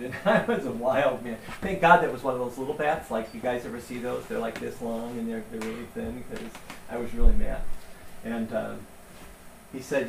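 A man preaching a sermon in a conversational, animated storytelling way. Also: mid-range voice, normal speed, gravelly, a little hiss or hum. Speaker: pastor. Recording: roomy sound from a distance.

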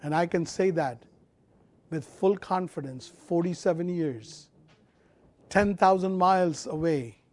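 Impassioned high-voiced male preacher. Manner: impassioned, swinging from loud emphatic to quiet low; repeats phrases, draws out key words slowly. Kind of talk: sermon.

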